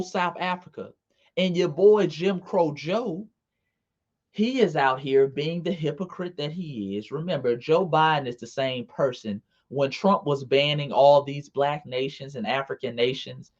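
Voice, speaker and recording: A man giving casual livestream commentary in an emphatic, repetitive and profane manner, addressing his viewers directly. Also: fairly high pitch. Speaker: online commentator. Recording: dull lo-fi sound.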